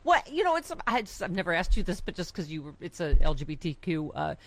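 A podcast host in casual chat, animated, laughing often and jumping between thoughts. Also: mid-range voice, quick pace.

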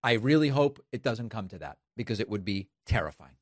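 A man's voice: lowish voice, animated, a little fast, dry recording. Male political commentator, emphatic, sarcastic, dry close sound. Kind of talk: opinion commentary.

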